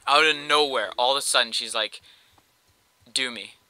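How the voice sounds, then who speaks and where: Bright, slangy young Canadian guy telling a story. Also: medium pitch, a little fast, low-quality recording. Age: young adult. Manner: rambling, slangy, with lots of "like". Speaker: gameplay commentator. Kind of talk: casual storytelling over gameplay.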